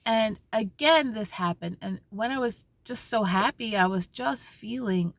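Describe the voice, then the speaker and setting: Gravelly-voiced woman vlogging from her car. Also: a little high, measured pace, hardly any pauses, no echo. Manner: animated storytelling, many restarts and asides. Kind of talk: casual spiritual vlog talk. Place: parked car.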